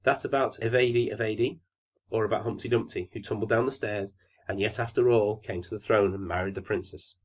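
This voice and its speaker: A jovial, plump little man in a fairytale, settling children in to hear a story in a cosy, fatherly way, as a male narrator puts him on. The voice is husky and breathy. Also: fairly low pitch, fairly even intonation, a little fast, natural voice.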